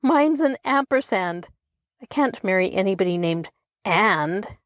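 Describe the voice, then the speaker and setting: A woman's voice: medium pitch, expressive, unhurried, no echo, clean studio sound, lightly acted. A woman voicing a cheerful young boy who speaks in a jokey, playful way.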